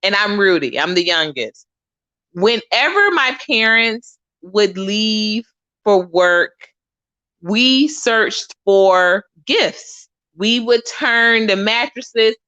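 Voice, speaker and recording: A woman's voice: medium pitch, lively intonation, takes it slowly, bright, forceful tone, no room sound, lo-fi sound. A woman hosting a casual livestream chat, talking freely and repeating phrases as she goes. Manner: chatty, repeats phrases, says y'all. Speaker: livestream host.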